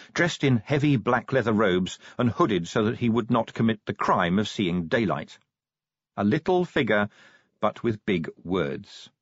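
A male audiobook narrator reads in a mid-pitched, slightly husky voice. His delivery is lively and varied. The recording is dry and somewhat dull. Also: dry recording. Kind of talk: scripted narration.

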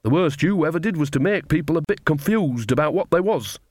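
Cheerful earthy old witch woman, chatty and homely, pitched up, as a man voices her. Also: animated, fairly quick. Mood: cheery.

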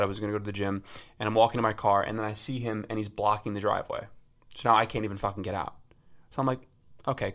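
A man's voice: fairly low pitch, a bit bright. Laid-back young man, casual swearing. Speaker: podcast co-host. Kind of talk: casual chat.

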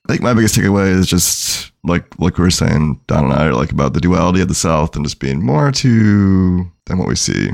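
A man's voice: low voice, lively intonation, a little fast, creaky, few pauses, darkish tone, dry recording, clean studio sound. A man co-hosting a music podcast in casual chat, laid-back with playful emcee moments. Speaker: podcast co-host.

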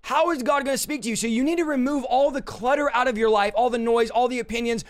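A man's voice: extremely high pitch, fast talker, clear, resonant tone. A young man preaching a sermon directly to his listeners, with an emphatic manner. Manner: emphatic, direct, addresses listeners as "you guys".

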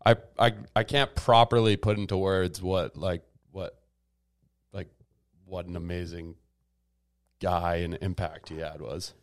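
A man chatting on a podcast with a smooth, resonant voice. The sound is close and dry, with no room around it. He rambles loosely and fills pauses with fillers. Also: low voice, steady tone, no echo. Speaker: podcast co-host. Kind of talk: casual chat.

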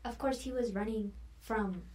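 A woman's voice: fairly high pitch, moderate pace, a little mellow, slight background noise. A woman guest in a casual chat, talking in a chatty way with many fillers and sometimes dropping to a whisper.

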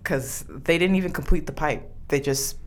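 A woman's voice: deep voice, moderate pace, slight background noise. Blunt, profane young woman chatting casually. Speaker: work crew member. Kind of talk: casual chat.

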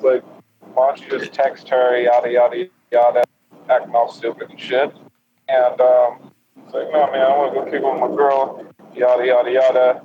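A young man tells a long, crude story to his friends, swearing freely and laughing as he acts out each person's lines. The recording sounds muffled and lo-fi. A steady, heavy hiss of noise runs under his voice. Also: mid-range voice, moderate pace. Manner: profane, laughing, acts out quotes. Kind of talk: casual storytelling among friends. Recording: lo-fi with loud noise.

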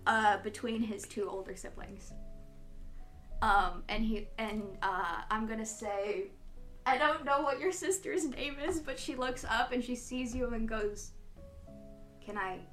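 A woman's voice: on the high side, fairly bright tone, soft background music. A woman narrating as game master of a tabletop game, chatty and giggly. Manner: giggly, chatty, quick to laugh.

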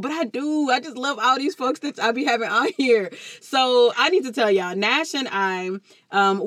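A woman's voice: mid-range voice, no room sound. Chatty Texan woman podcast host. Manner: lively, chatty, uses Southern Black vernacular. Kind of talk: casual podcast chat.

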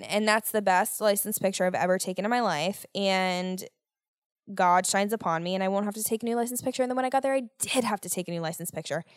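A woman's voice: mid-range voice, dry recording, clean studio sound. Profane, ranting young woman podcaster. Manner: profane, animated, exasperated ranting. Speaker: podcast host. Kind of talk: casual storytelling monologue.

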